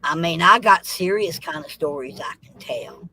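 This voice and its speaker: A woman's voice: fairly low pitch, normal speed, hardly any pauses, slight background noise, rough recording. A woman telling comic tall tales in a folksy, drawling storytelling manner. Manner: drawling, rural, lively tall-tale delivery.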